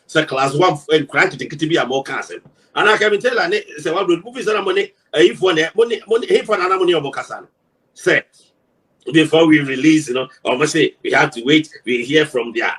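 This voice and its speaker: A Ghanaian man, a broadcaster, giving forceful political commentary, firing rhetorical questions and mixing English and Twi. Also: on the high side, far from the mic, low-quality recording.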